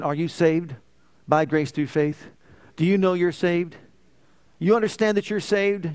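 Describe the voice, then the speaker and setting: Fervent high-voiced male preacher. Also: smooth. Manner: rising to fervent emphatic declarations, dropping to soft hushed lines. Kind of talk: sermon.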